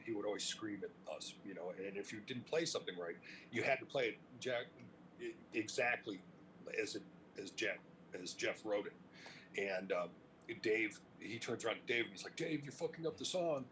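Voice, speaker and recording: A middle-aged man from Cleveland, telling stories in a casual interview, animated and profane, laughing as he talks. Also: on the low side, moderate pace, a little hiss or hum, low-quality recording. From Cleveland, United States. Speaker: interview guest, music industry veteran.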